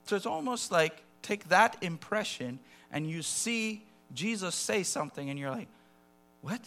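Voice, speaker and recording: A man with a high voice, speaking at normal speed, preaches a sermon in an animated, conversational style, dropping to soft asides and then rising to loud, acted-out quotes.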